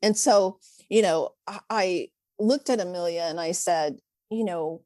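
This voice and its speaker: A woman, a former preschool teacher, telling classroom stories as a podcast guest, animated and laughing often. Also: on the low side, normal speed, no room sound. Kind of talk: casual storytelling interview.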